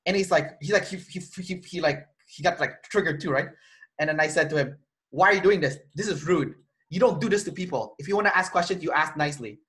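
A man's voice: on the high side, fast talker. A man being interviewed, telling a personal story in casual conversation and acting out the lines of the people in it. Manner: animated, acts out quoted dialogue, frequent restarts. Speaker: interview guest.

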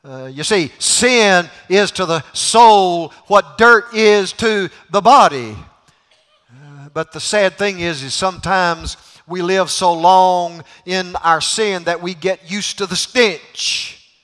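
Man preaching, folksy storyteller, somewhat high voice, big reverberant sanctuary. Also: slow pace. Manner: folksy, joke-telling, swings between loud and quiet. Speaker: guest preacher. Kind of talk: sermon. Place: church sanctuary. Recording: reverberant church hall.

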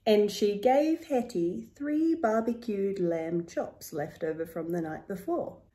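A woman reading a children's picture book aloud in a slow, expressive, rhythmic way. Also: medium pitch. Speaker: storyteller. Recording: echoey room.

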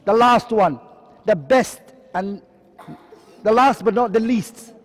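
A man teaching a tajweed lesson online, quickly reciting Arabic terms and then explaining them in English, often asking a question and answering it himself. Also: high voice, in a large hall. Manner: quizzing, asks and answers his own questions.

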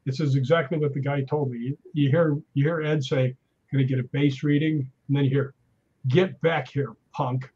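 A man's voice: mid-range voice, fairly quick, slightly rough, dull audio. A man telling ghost-hunting stories in casual chat, acting out what people said. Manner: animated anecdotes with acted-out quotes. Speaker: guest.

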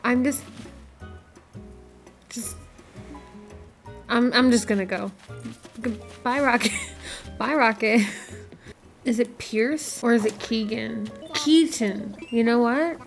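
A woman's voice: fairly high pitch, slow pace, long pauses. A young woman giving casual game commentary, blunt and dramatic, with frequent swearing. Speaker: gaming vlogger. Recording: faint music behind.

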